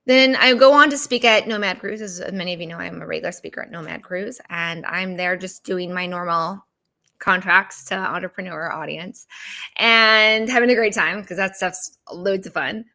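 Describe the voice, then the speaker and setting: A woman coaching host telling a personal story in an animated way, acting out her past dialogue. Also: on the low side, moderate pace. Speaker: business coach and podcast host.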